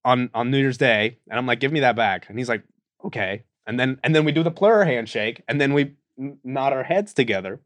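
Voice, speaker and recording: A man's voice: mid-range voice, lively intonation, fairly quick, few pauses, a bit bright, no echo. A man guesting on a podcast, telling rambling laid-back stories full of fillers. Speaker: podcast guest, reality show contestant. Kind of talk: casual chat.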